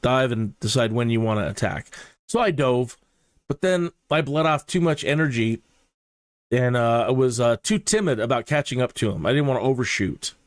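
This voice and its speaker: A man's voice: medium pitch, lively intonation, moderate pace, no room sound. A man narrating his own flight simulator session in a mannered, storytelling, self-mocking way, speaking into a close desk mic. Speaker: flight sim video host. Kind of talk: casual gameplay narration.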